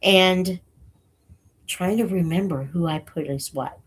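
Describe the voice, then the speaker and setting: A woman hosting her channel, chatting casually with viewers while she has a cold and is short of breath, speaking haltingly with many fillers. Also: lowish voice, breathy edge. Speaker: channel host reading books aloud for students.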